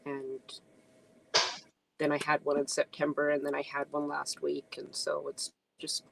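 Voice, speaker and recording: A woman guest on a livestream talking softly and earnestly, teary after crying. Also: low voice, monotone, unhurried, gravelly, a little hiss or hum, poor audio. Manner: soft, earnest, emotional. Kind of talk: casual conversation.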